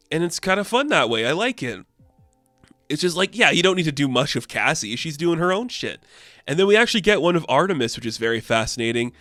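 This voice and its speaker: A man's voice: medium pitch, fairly bright tone, no echo. A man reviewing comics in a casual, rambling way, with many fillers and the odd swear word.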